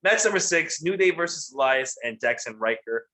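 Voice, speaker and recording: A man's voice: fairly high pitch, lively intonation, moderate pace, pushed and bright. A man co-hosting a casual wrestling recap show, profane and mocking, laughing often and doing sarcastic impressions. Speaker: podcast co-host.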